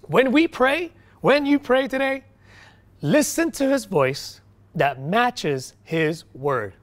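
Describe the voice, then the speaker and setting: A male pastor preaching a sermon, swinging from quiet, low stretches to loud, emphatic bursts, with frequent restarts. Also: sing-song, takes it slowly.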